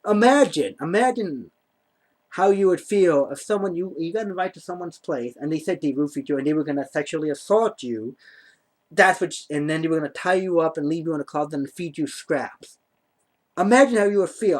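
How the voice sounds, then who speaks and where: A vlogger with a fairly high, animated voice speaks briskly to the camera. He tells a personal story that rambles, swears a lot and leans heavily on "like."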